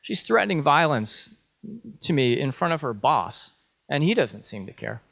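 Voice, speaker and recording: A man's voice: mid-range voice, sing-song, normal speed, creaky, a bit bright, dry recording. A man in his thirties giving a conference talk, telling a personal story conversationally with frequent ums and restarts. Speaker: conference speaker.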